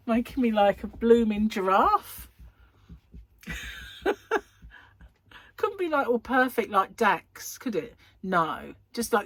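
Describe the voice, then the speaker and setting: A chatty woman rambles through her news, her voice swinging high and low as she acts out little exchanges. There's a husky edge to her tone, and the recording is dry and close. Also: dry recording. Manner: chatty, rambling, laughs often, acts out dialogue. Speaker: host of a crochet chat channel. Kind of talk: casual chat.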